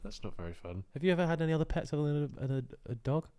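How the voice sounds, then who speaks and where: Co-host: man, animated pitch, curious and teasing. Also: very fast, clean tone. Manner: teasing, quizzical questions. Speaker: podcast host. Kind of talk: casual chat.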